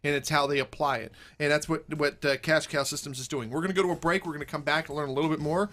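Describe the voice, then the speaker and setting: A male radio host with a high voice who talks in an animated, joking way. He repeats his points for emphasis. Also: fast talker. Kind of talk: casual talk radio.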